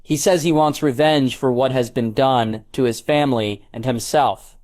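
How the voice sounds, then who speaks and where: A man's voice: medium pitch, moderate pace, darkish tone, lightly acted. A male audiobook narrator voicing an earnest, protective adult man. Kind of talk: audiobook character reading.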